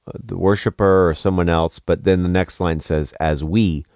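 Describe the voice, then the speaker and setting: A man's voice: low-pitched, steady tone, normal speed, darkish tone, dry recording, studio quality. A man co-hosting a podcast, probing the meaning of a worship song with questions and thinking aloud. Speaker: podcast co-host. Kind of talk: conversational theological discussion.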